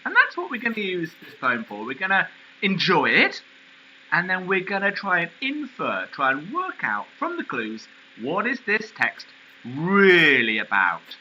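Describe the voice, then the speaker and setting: A male teacher explaining a poem in a recorded lesson, animated and questioning. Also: sits high, measured pace, highs cut off, a little hiss or hum.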